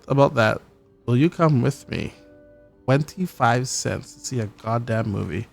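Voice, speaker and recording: A man in the middle of a story game, reading its letters aloud with plenty of stumbles and restarts. Now and then he breaks off for a dry, cursing aside. Soft music plays faintly underneath. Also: mid-range voice, creaky. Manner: halting reading with stumbles and wry profane asides. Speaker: gameplay streamer.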